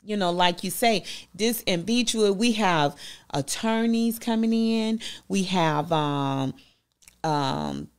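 A boutique owner from the Southern United States, speaking with a Southern accent, chats as a guest in a casual interview. Her mid-range voice is slow and clean, and her folksy, talkative manner is sprinkled with "you know."

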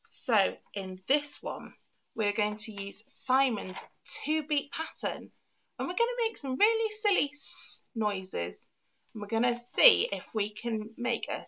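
Gravelly-voiced woman teaching kids' music. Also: medium pitch, a bit bright, muffled recording. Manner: encouraging, counts beats aloud with strong emphasis. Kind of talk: online music lesson for young children.

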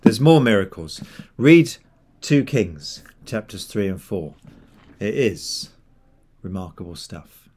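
Preacher telling a story with relish. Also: male voice, lowish voice, takes it slowly. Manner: lively storytelling, acts out the characters' lines in a conversational tone. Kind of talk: sermon retelling a Bible story.

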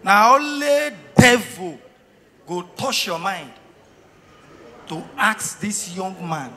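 High-voiced Nigerian Pidgin comedian in a hall. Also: male voice, expressive, slow pace. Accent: Nigerian Pidgin English. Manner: loud, teasing crowd banter with sudden shouts. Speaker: stand-up comedian. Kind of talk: live stand-up comedy. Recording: reverberant hall sound.

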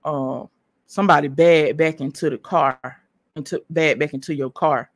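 A woman imitating her ex-partner in a lowered, plodding masculine voice. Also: fairly even intonation, moderate pace, dry recording, clean studio sound, close to an everyday voice. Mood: evasive. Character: her ex-partner, a gruff man, evasive.

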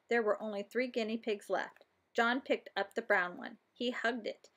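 A woman reading a children's storybook aloud in an expressive, animated way. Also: on the high side, moderate pace. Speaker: storybook reader. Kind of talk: children's book read aloud.

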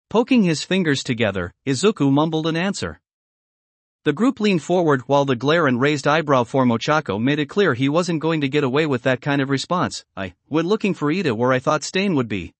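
A man reading fan fiction aloud as narrator in a steady storytelling read. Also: a little high, a little fast, dry recording.

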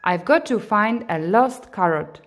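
A woman voicing a chirpy young male bunny in a storybook reading, calling out brightly. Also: medium pitch, lively intonation, a little slow, natural voice.

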